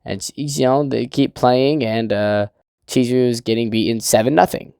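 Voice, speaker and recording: A man's voice: mid-range voice, fairly even intonation, normal speed, vocal fry, mellow, clean tone, no room sound, clean studio sound. A young man reviewing a manga chapter in a casual, rambling recap, with swearing and laughter.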